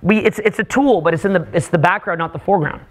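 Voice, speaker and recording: A man's voice: high-pitched, fast talker. A man coaching a live seminar through a group meditation, loose and joking, swearing often and full of filler words. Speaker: dating coach leading a seminar. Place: seminar room in California, audience present. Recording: live seminar recording, loud crowd.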